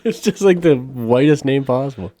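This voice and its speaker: A man's voice: medium pitch, expressive, moderate pace, dark tone, no echo. Laid-back podcast guy who laughs a lot. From Canada. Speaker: podcast co-host. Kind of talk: casual chat.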